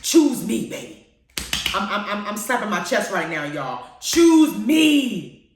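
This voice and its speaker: Animated woman in an echoey room. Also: mid-range voice, normal speed, noisy background. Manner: animated, playful, laughing often. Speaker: radio show host. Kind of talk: casual chat reviewing TV shows. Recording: very echoey, far from the mic.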